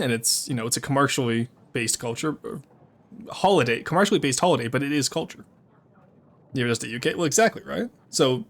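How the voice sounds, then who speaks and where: Guy streaming a game, bouncy pitch, goes off on rambly tangents. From Canada. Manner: animated, rambling rants with restarts. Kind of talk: casual live gameplay chat.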